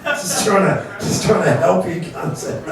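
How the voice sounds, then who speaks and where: A middle-aged man hosting a comedy night, sarcastic and crude, with a notably high voice. He is miked on stage but heard from far off in a very echoey room, with the crowd laughing behind him. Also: expressive, measured pace. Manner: brash, profane, sarcastic. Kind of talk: stand-up hosting banter. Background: audience laughter.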